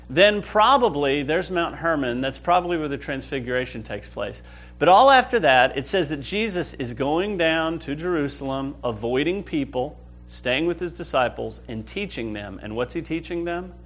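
A man's voice: a little high, a bit bright. A man teaching a Bible study class with enthusiasm, often checking whether the group is following. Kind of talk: lively Bible class lecture.

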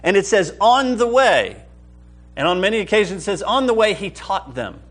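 A man's voice: high-pitched, animated, fast talker, fairly bright tone, faint music behind. A man teaching a Bible study class with enthusiasm, often checking whether the group is following. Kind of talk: lively Bible class lecture.

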